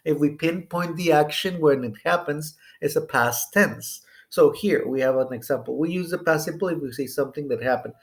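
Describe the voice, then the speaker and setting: An American man walks through grammar points as an English teacher. His voice sits a bit higher than most men's, and he keeps asking "okay?" as he goes. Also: moderate pace, few pauses. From United States. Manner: explanatory, checks in with "okay?". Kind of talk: recorded grammar lesson.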